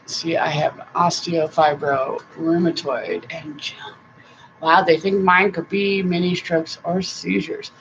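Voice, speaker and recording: A middle-aged woman chats loosely on her live stream, rambling from topic to topic and laughing along the way. She talks at an unhurried, slow pace. The sound is dull and lo-fi, with a faint hiss underneath. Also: lowish voice, steady tone. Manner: chatty and rambling, often laughing and breaking into song. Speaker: vlogger hosting a live chat. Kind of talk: casual live-stream chat.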